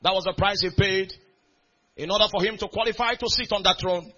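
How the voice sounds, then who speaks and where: A man's voice: sits high, steady tone, a little fast, sharp tone, dull audio. A man preaching a sermon in a church hall, reading scripture aloud and calling out questions to the congregation. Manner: reads scripture aloud in a rising, building cadence. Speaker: pastor.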